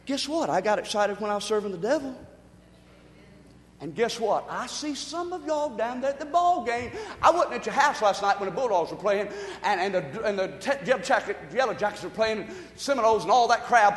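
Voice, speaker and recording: A pastor preaches with a very high-pitched, excitable voice. He swings from quiet asides to loud shouted bursts. His voice rings through a large, echoing church hall with a long reverb. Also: brisk. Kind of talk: sermon.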